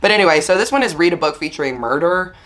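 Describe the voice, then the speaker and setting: A woman book vlogger with a slightly husky morning voice, chatting casually and upbeat about her reading plans. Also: lowish voice, animated, quick pace, a bit bright. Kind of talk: casual chat.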